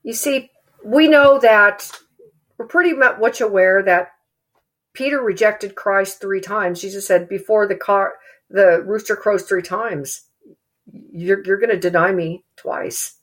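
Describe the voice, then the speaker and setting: A woman preaching a sermon in an earnest, halting way, repeating phrases for emphasis. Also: medium pitch, a bit bright.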